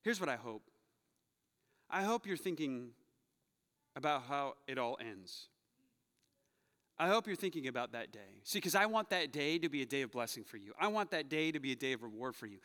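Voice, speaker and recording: Man, young pastor, sermon, storytelling with jokes, lively pitch, long church reverb. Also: normal speed, pauses often. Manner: storytelling, joking, rising to loud urging. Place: church sanctuary.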